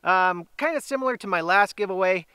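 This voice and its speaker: A man's voice: sits high, lively intonation, sharp tone, clean tone, no echo, clean studio sound. A middle-aged man hosting an outdoor giveaway video, chatty and upbeat, drawing out the winners' names. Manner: upbeat, chatty, drawn-out announcements. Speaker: grilling channel host. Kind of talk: casual giveaway vlog.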